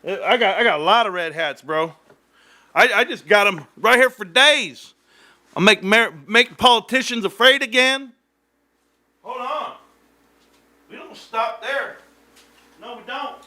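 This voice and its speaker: Brash, bright-voiced male streamer. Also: very high voice, unhurried, long pauses, dry recording. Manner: brash, mocking, swears freely. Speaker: livestream host. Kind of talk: joking livestream commentary.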